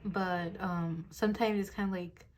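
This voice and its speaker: A woman's voice: on the low side, fairly even intonation, measured pace, a little hiss or hum. Giggly young woman giving a tarot reading. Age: 20s. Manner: giggly, rambling, lots of fillers. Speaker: tarot reader. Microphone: phone on a desk mount.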